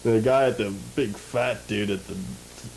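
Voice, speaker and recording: A man co-hosting a casual chat show, trading wry remarks and slowly telling his own story. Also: on the low side, gravelly, darkish tone, slight background noise, low-quality recording. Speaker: show co-host.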